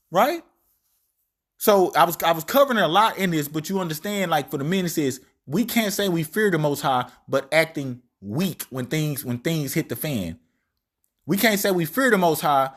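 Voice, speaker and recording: A man preaching a street-style sermon on scripture, animated and slangy, acting out quotes in shifting voices. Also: fairly high pitch.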